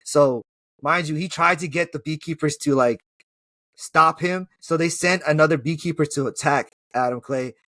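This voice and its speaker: Excitable slangy man recapping a film. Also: on the high side, moderate pace, dry recording. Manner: excitable, slangy, profane storytelling with laughs. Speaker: movie reviewer. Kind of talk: casual film recap chat.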